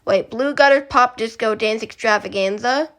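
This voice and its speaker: A woman's voice: on the high side, normal speed, a bit bright. A young woman vlogger chatting casually, rambling and correcting herself with small giggles. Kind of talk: casual chat.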